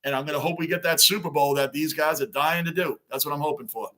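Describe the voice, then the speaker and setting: A man's voice: fairly high pitch, fast talker, fairly bright tone. A man hosting a sports livestream, chatting casually and animatedly with viewers by name. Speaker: livestream host.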